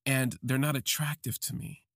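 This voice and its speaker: A young adult man hosting a podcast, telling a confessional first-person story in slow, halting, reflective phrases. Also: medium pitch, steady tone, fairly bright tone, no room sound, clean studio sound. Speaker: podcast host.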